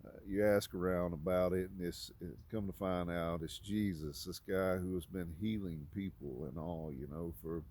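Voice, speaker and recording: A man giving an informal, conversational sermon, halting often with fillers and restarts. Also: sits low, steady tone, a little mellow. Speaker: preacher.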